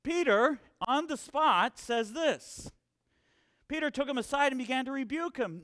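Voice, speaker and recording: A man preaching a sermon, animated, acting out quotes and asking questions. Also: extremely high pitch, a little slow, no room sound, studio quality.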